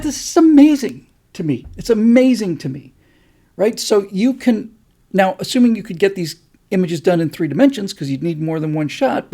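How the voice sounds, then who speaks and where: Gravelly husky middle-aged man host. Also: on the high side, mellow. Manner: rambling and enthusiastic, with many fillers. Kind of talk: casual livestream chat reading viewer comments.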